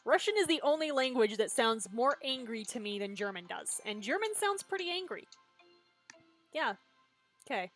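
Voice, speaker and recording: A woman's voice: on the high side, animated, normal speed, fairly bright tone, faint music behind. A woman streaming a story game, reacting in blunt, sarcastic commentary and swearing freely.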